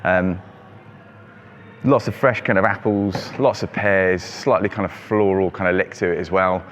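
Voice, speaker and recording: A wine shop host introduces this month's wines, talking casually with plenty of ums and fillers while traffic passes outside. He has a low-pitched, steady voice at normal speed, with slight background noise.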